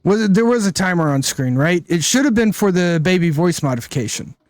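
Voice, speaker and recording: A man's voice: high-pitched, expressive, a little fast, no room sound. A man streaming a card game live, thinking aloud in casual commentary and often tagging his lines with "right?".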